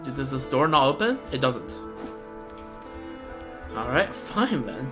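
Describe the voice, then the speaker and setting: A woman's voice: rumbling low, very animated, takes it slowly, music in the background. Chatty woman playing a game. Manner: chatty, joking, talks to herself. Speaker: game streamer. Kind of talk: casual gameplay commentary.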